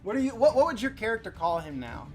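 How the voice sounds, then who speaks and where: A man runs a tabletop game as game master in a relaxed, casual way, laughing easily. His voice sits a little high. Music plays clearly behind him. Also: fast talker.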